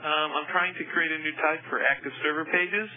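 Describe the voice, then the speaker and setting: A man from Connecticut calling a TV help show, hesitant and filling pauses with ums. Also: a little high. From Connecticut, USA. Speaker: caller. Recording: tinny phone line.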